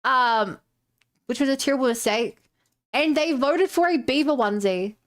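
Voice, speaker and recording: A woman's voice: high-pitched, moderate pace. A young woman streamer chatting casually with viewers while she works on her art, rambling and greeting people with plenty of "um"s and restarts. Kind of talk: casual live-stream chat while drawing and rigging.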